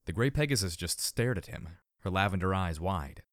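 A man narrating an audiobook in an expressive, dramatic way. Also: deep voice, normal speed, hardly any pauses, no echo, studio quality.

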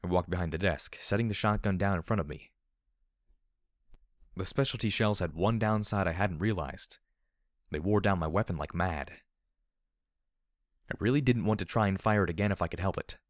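A man narrating first-person fiction as an audiobook, in a measured storytelling delivery. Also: sits low, no echo, clean studio sound.

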